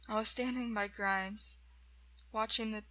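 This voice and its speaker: Female narrator for a first-person horror reading; slow, measured, bright tone. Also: medium pitch, low-quality recording.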